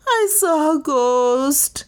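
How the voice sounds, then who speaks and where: A woman voicing a hysterical, terrified woman servant in a shrill, squealing voice. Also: animated, measured pace.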